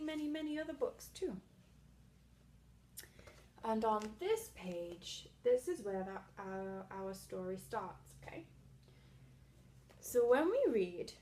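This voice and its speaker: A young woman giving a read-aloud literacy lesson to small children, explaining slowly and patiently and checking in with "okay?" as she goes. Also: fairly high pitch, a little mellow. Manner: claps and calls out syllables, some words half-whispered. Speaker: reading teacher.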